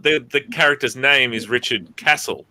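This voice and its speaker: A man in a casual chat, telling an animated anecdote and quoting others. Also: mid-range voice, moderate pace, no echo.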